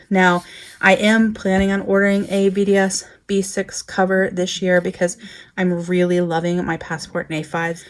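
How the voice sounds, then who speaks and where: A woman vlogger chatting casually to her viewers, talkative and often doubling words for emphasis. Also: lowish voice. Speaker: planner vlogger. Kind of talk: casual chat to camera.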